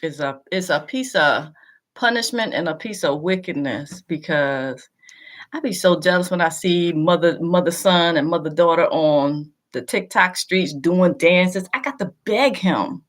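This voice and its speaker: A woman's voice: on the low side, measured pace. A woman hosting a casual live stream from home into a laptop, talking bluntly and with some profanity, teasing and chatty.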